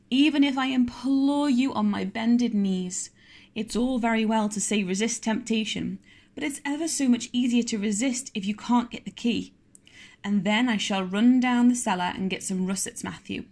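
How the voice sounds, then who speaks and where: An imaginative young girl talks eagerly and a little grandly, full of cheerful confidence. The voice stays close to the reader's own natural tone, as a woman narrator plays her. She sounds quick-witted and fond of drama. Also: on the high side, creaky, a little mellow.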